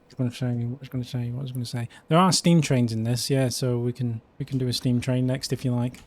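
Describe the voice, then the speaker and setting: A man's voice: mid-range voice, steady tone, fairly quick, a little mellow. A man from the UK hosting a casual livestream, chatting in a rambling way with frequent fillers. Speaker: livestream host.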